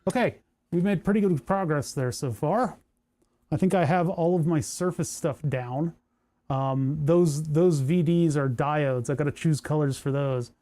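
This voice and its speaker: A man's voice: a little high, measured pace, warm tone. Man muttering over a workbench. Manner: muttering to himself while working. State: hand cramps. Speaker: maker streaming a build. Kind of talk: casual workbench chat.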